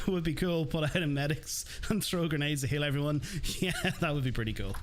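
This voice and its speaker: A man's voice: fairly high pitch, animated, normal speed, a little hiss or hum. A man streaming live gameplay, chatting in a friendly way and greeting his chat by name.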